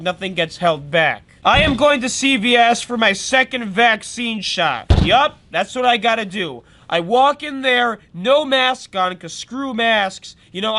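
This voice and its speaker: A man's voice: high voice, pushed and bright. A man in his twenties narrating his daily vlog in a blunt, chatty, defiant storytelling manner. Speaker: daily vlogger. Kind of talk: casual vlog voice-over narration.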